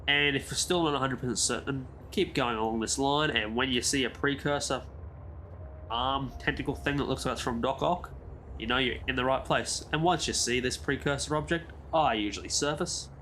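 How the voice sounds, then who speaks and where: A man's voice: mid-range voice, moderate pace, pushed and bright, slight background noise. A man giving a casual, chatty game walkthrough as a gaming YouTuber, drifting into side comments. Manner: easygoing, chatty, rambles into asides.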